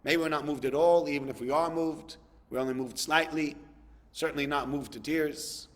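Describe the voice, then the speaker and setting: Rabbi preaching in a reverberant hall. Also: male voice, a little high, fairly even intonation, normal speed. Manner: conversational, acts out dialogues, repeats words for emphasis. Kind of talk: sermon.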